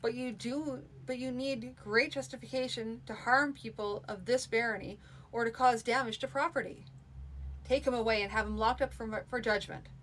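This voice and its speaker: A woman voicing a stern, commanding male baron in a read-aloud fantasy story, with a measured, dry manner. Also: on the high side, fairly even intonation, fairly bright tone, a little hiss or hum, lightly acted, rough recording.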